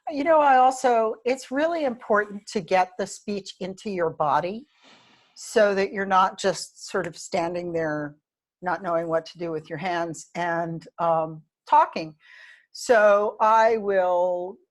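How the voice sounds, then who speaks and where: A woman's voice: mid-range voice, slow. A woman hosting a webinar, chatting casually and self-deprecatingly about practicing speeches.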